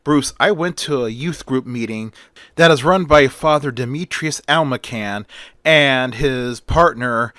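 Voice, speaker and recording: A man's voice: medium pitch, a little slow, a bit bright, dry recording, natural voice. Defensive young woman voiced by a man in his own range, dry sound. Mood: plain. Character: young woman, college student, touchy.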